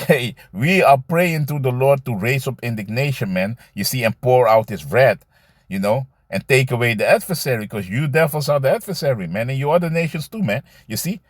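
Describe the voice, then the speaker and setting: A man teaching scripture in a loose, conversational way, reading verses slowly and commenting, often adding "man" and "you see". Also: mid-range voice, dry recording, clean studio sound. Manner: reads verses aloud slowly, then comments.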